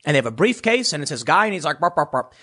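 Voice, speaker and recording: A man giving casual political commentary in an animated way, now and then mocking others with put-on voices. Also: on the high side, racing, slightly rough.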